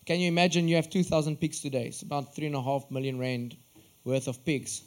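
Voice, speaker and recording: A man with a South African accent preaching a sermon, telling stories in an earnest, expressive way. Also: on the high side, fairly quick.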